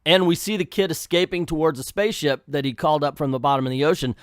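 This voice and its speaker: A man's voice: on the high side, fast talker, no room sound, studio quality. Man casually recapping a comic. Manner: offhand and conversational, with fillers. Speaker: comic book video host.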